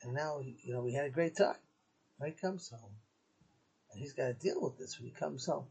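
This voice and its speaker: Gravelly-voiced rabbi telling a sermon story. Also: male voice, mid-range voice, lively intonation, brisk, darkish tone, poor audio. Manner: acts out dialogue between father and son in the story.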